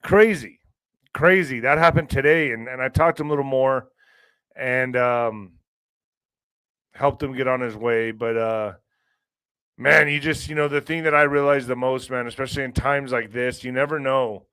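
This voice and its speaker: Middle-aged male podcast host, loose rambling monologue, mid-pitched voice, close dry recording. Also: steady tone, moderate pace, bright, forceful tone, clear, resonant tone, no room sound. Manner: rambling, conversational, addresses audience as folks. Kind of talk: casual monologue.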